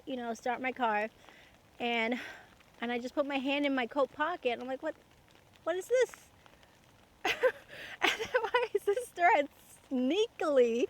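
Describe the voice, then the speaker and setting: A young woman from Canada telling personal stories in a casual, chatty way, laughing often and using lots of fillers. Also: high voice. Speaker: podcast host. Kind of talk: casual storytelling monologue.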